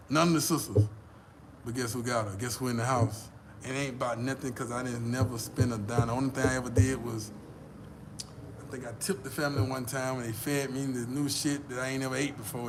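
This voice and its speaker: An American man vlogging, telling a boastful, profane story in a casual, animated way. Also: medium pitch, noisy background.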